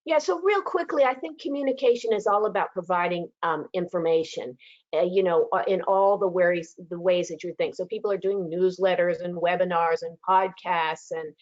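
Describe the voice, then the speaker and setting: A woman's voice: on the low side, normal speed, a little mellow. Give me a chatty woman on a muffled video call, talking freely with lots of fillers. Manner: chatty, laughing, many fillers. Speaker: panelist. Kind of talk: casual webinar discussion. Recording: dull lo-fi call audio.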